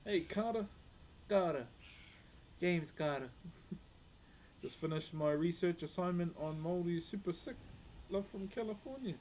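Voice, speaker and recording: This Kiwi wood carver has a high-pitched, slightly mellow voice and speaks unhurriedly, leaving long pauses. Relaxed and talkative, he greets his live-stream viewers as bro, and a faint hiss or hum runs underneath.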